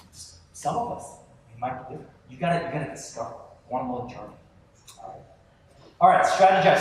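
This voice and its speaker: A male pastor preaching a sermon to a live audience, animated and chatty, talking straight to the crowd. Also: mid-range voice, a little hiss or hum. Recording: echoey hall from far off.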